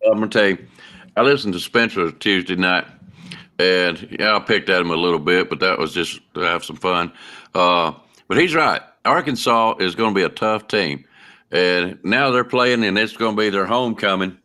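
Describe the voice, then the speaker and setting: Deep, bright-toned host. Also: male voice, normal speed. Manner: easygoing, colloquial. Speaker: podcast host. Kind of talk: casual podcast chat.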